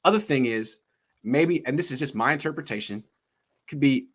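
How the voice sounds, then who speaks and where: A man hosting a casual sports talk show, animated and acting out quotes from others as he tells them. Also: medium pitch, normal speed. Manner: animated, acts out quotes in voices. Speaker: podcast host.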